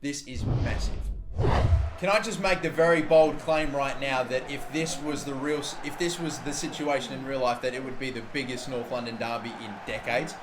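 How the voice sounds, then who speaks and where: A man's voice: mid-range voice, steady tone, brisk, hardly any pauses. Profane young gamer man commentating. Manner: profane, talks straight to viewers. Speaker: gaming YouTuber. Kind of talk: live gameplay commentary. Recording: roomy with faint background noise.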